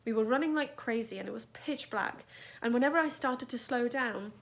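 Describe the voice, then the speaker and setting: A woman teacher reading a novel aloud in a steady, even narration. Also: fairly high pitch, a little fast.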